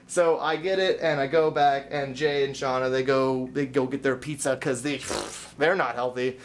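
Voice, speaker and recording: A man's voice: mid-range voice, fairly even intonation, normal speed, hardly any pauses, slight background noise. A man vlogging casually, telling a rambling story full of stammered restarts and self-deprecating asides.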